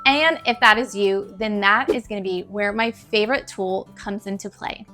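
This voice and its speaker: Faint music plays as a young woman teacher talks to camera at normal speed, her mid-range voice bright and forceful. She gives classroom advice in a chatty, encouraging manner, repeating herself for emphasis.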